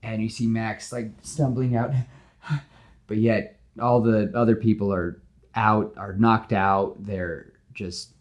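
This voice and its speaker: A man with a somewhat low voice tells a movie pitch in a casual, animated way. He leans on "like" as a filler and slips into acting out the characters' lines as he goes. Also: takes it slowly. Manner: animated storyteller, full of "like" fillers, acts out dialogue. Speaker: podcast host pitching a movie. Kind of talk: casual retelling of a film pitch.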